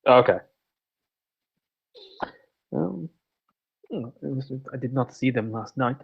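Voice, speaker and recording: A man voicing a formal-spoken fantasy adventurer in a put-on French-sounding accent, slow and halting. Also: medium pitch, gravelly, breathy edge, muffled recording, heavily acted. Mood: measured. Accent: unintended French-sounding put-on accent. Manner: slow, halting, formal speech without contractions.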